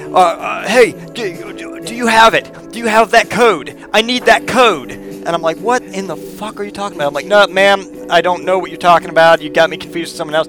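A man in his thirties telling a personal story in a rambling, profane way, often repeating words. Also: fairly high pitch. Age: 30s.

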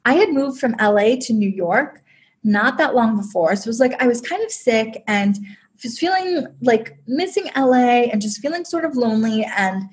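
A woman's voice: on the high side, expressive, moderate pace. A woman, a podcast guest, telling a personal story in a chatty, emotional way, with lots of "like". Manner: chatty, heavy use of "like", emotional.

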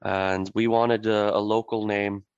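A Norwegian-accented man speaks in a low, flat, smooth voice, pausing often on filler words as he answers. The recording is dry and slightly muffled, as if over a remote line. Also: no room sound. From Norway. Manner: hesitant, many "uh" fillers. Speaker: brewery representative, guest. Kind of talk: interview answers.

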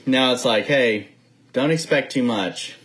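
A man in his thirties co-hosting a podcast, telling family stories in a lively, casual chat. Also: mid-range voice, measured pace, low-quality recording. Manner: chatty, animated storyteller. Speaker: podcast co-host.

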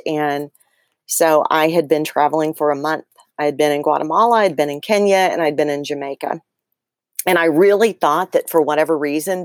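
Lower-voiced woman telling a story in a dry room. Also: no room sound. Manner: animated retelling with many fillers and restarts. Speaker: guest author. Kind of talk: casual interview storytelling.

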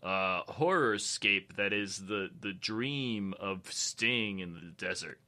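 A man co-hosting a casual comedy podcast chat, riffing in a dry, wry deadpan way. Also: on the low side, slow. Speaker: podcast co-host.

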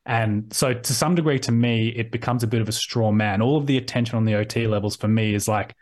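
A man's voice: lowish voice, fairly even intonation, fairly quick, a little mellow. A man with an Australian accent, a podcast guest on a video call, talking loosely with many restarts and acted-out quotes. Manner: rambling with frequent restarts, acts out quoted voices. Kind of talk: casual conversational interview.

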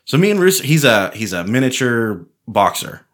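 A man's voice: medium pitch, very animated, normal speed, fairly bright tone. Laid-back man telling stories. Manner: laid-back storyteller, swears freely, lots of "like". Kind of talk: casual chat.

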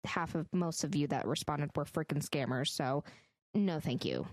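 A woman's voice: sits low, moderate pace. A young adult woman co-hosting a podcast in casual chat, dropping teasing, wry remarks. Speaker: podcast co-host.

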